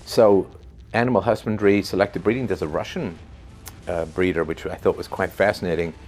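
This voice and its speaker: A man's voice: sits low, steady tone, brisk, darkish tone, slight background noise. A man talking in a loose, conversational way, full of fillers and rhetorical "right?" tags, now and then chuckling at his own examples. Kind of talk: unscripted spoken commentary.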